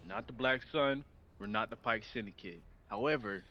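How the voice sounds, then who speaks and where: Low-voiced male player on a dull mic. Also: moderate pace. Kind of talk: casual tabletop game play. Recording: dull mic with faint noise.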